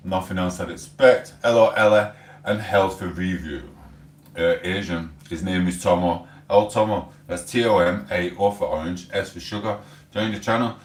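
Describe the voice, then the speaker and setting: A man's voice: low-pitched, far from the mic. A middle-aged English man hosting a casual livestream at home, chatting in a wandering way while he eats and reads chat aloud. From England. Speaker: livestream host. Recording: roomy sound, voice away from the mic.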